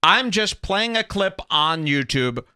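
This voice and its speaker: A man's voice: sits high, lively intonation, slow pace, bright, forceful tone, clear, resonant tone. A man hosting a podcast, giving heated, sarcastic commentary over clips and arguing his point indignantly. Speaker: podcast host.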